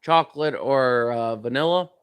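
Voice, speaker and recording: A young male vlogger with a mid-range voice, moderate pace, and clean tone chats casually while sampling snacks. He rambles with plenty of fillers and speaks with his mouth full.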